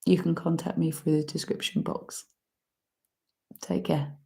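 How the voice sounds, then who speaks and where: A woman's voice: low voice, level tone, creaky, dark tone, a little hiss or hum. A woman giving an emotional spoken oracle card reading, heartfelt and full of sighs. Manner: slow, heartfelt, breaks into emotional laughs and sighs.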